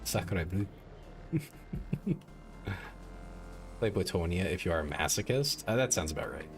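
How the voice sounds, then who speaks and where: A game streamer with a very low voice chats loosely over his game, rambling and poking fun at himself with many "like" fillers. He is very animated yet keeps a measured pace, speaking into a desk mic as faint game music plays quietly underneath.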